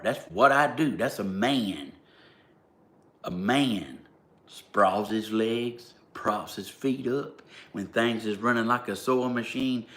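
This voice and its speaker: Southern man, vlogger, low-voiced and blunt, talks plain and gets worked up. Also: a bit bright. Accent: Southern US (Georgia). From Southern United States. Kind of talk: casual storytelling.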